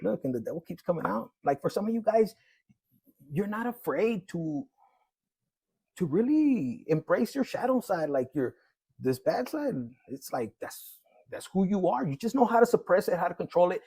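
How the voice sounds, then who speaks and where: Gravelly high-voiced man reading tarot. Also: no echo. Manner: animated, slangy, laughs often, acts out quoted voices. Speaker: tarot reader. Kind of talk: casual tarot reading monologue.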